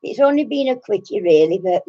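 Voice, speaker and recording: A woman's voice: mid-range voice, lively intonation, fairly quick, warm tone, muffled recording. A woman in her sixties, out of breath, chatting casually and giggling with live stream viewers, greeting them by name. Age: 60s. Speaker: craft channel host.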